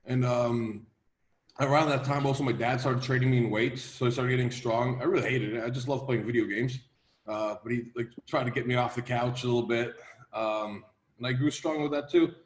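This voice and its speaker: A man in his thirties from Latvia, a strongman guest telling his story in a steady, measured way in a casual interview. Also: mid-range voice. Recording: roomy echo.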